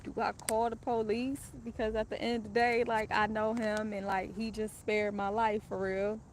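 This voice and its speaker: A woman's voice: medium pitch, level tone, normal speed, a little hiss or hum. A woman casually telling a personal story in a candid, profane, rambling way.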